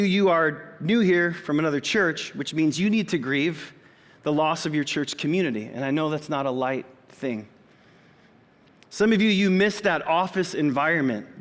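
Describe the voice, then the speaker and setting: A pastor in his forties giving a sermon in a church auditorium, talking conversationally with personal asides. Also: fairly high pitch. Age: 40s. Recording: long reverb of a church hall.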